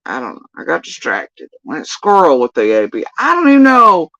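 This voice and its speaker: A woman's voice: sits low, huge pitch swings, normal speed, a bit bright, no room sound, rough recording. A woman hosting a livestream, ranting in casual, sarcastic and profane reaction commentary. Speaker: livestream host.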